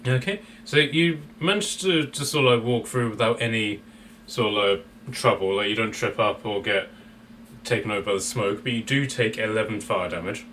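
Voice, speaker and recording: A man narrating as dungeon master, halting with fillers and laughing often. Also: lowish voice, fairly bright tone. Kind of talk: narrating a tabletop game. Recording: distant mic with faint background noise.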